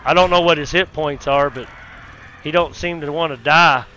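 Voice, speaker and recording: A man giving casual let's play commentary while fighting a zombie horde, with loud cursing exclamations and folksy grammar. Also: on the high side, moderate pace, highs cut off, a little hiss or hum. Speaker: gaming YouTuber.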